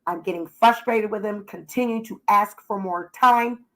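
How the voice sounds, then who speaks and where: A woman's voice: mid-range voice, close to an everyday voice, poor audio. A woman playing a stern, impatient male judge who lectures firmly. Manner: firm, lecturing, measured.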